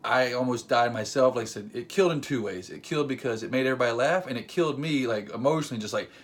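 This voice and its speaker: A young man telling a funny personal story to camera in a casual, animated, self-deprecating way. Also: mid-range voice, quick pace. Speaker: vlogger.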